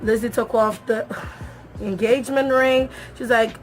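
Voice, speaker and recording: A young woman recaps a reality show for her viewers in a casual, animated way. Her voice sits a little high, and she hammers her points home by repeating herself. Soft music plays underneath. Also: a little slow. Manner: animated, emphatic, repeats phrases for effect; talks straight to viewers, calls them y'all.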